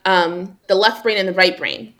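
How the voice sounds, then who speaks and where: A woman's voice: medium pitch, steady tone, normal speed, fairly bright tone. A woman talking in a casual interview about her marketing work, chatty and upbeat with many fillers. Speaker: marketing manager.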